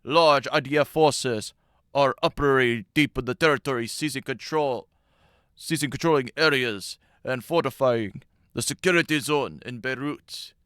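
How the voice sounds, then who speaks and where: A man's voice: mid-range voice, normal speed, fairly bright tone, clean tone, no echo, clean studio sound, natural voice. A man voicing a stern middle-aged male politician who gives an address in a put-on foreign accent. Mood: stern, declaiming.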